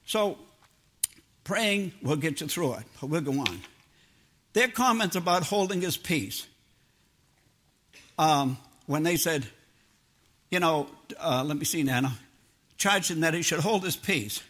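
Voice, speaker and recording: A man's voice: fairly high pitch, lively intonation, a little slow, long pauses, a bit bright. An older man preaching a sermon in a homespun, plain-spoken way, mixing personal stories with scripture. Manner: homespun, plain-spoken, drops into everyday grammar.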